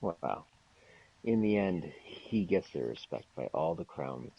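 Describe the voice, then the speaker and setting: A man with a deep, gravelly voice chats casually over a game stream. He rambles through stories and laughs often. His pitch jumps lively up and down. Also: takes it slowly, dull audio. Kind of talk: casual chat while gaming.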